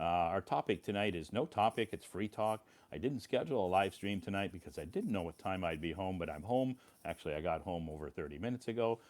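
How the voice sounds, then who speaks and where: Relaxed American man, lively low voice. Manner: rambling, reassuring, repeats himself. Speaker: English teacher hosting a live stream. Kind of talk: casual live-stream chat. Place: his home.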